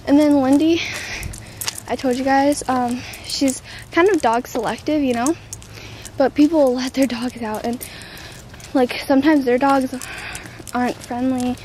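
Teen girl vlogger, high voice, casual and chatty, a bit breathless, recorded outside with clear background noise. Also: fairly even intonation, unhurried, pauses often, darkish tone, rough recording. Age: teens. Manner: chatty, many ums, baby-talk to her dog. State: out of breath after a run. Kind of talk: casual vlog chat. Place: outdoors on a neighborhood walk. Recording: outdoor noise behind the voice.

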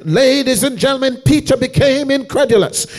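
A male evangelist preaching a revival sermon in a church, calling out to the congregation again and again and building from hushed passages to shouted, half-sung peaks. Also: extremely high pitch, moderate pace, faint music behind. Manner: rhythmic preaching with repeated call-outs to the congregation; swings from hushed storytelling to shouted, sung-out climaxes.

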